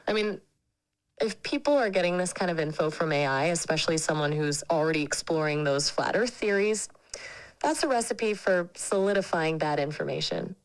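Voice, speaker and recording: A woman's voice: lowish voice, animated, moderate pace, low-quality recording. Friendly, chatty synthetic female companion voice. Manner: chatty, opinionated, friendly and casual. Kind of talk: conversational AI chat.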